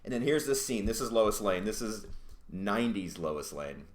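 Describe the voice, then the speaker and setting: A lower-voiced man talks through a comic book review in a loose, rambling way. He swears freely and restarts his sentences often. His voice rings in a roomy indoor space. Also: lively intonation, normal speed. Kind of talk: casual video review. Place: indoors at home. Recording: roomy echo.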